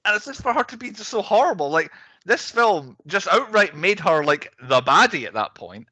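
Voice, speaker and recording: A man talking through a film review on a podcast with a bright, lively voice that swings up and down a lot. He rambles and mocks scenes in put-on voices. The sound is dry and close. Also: high voice, normal speed, husky, dry recording. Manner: animated, rambling, acts out scenes in mocking voices. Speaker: podcast host. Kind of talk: casual film review chat.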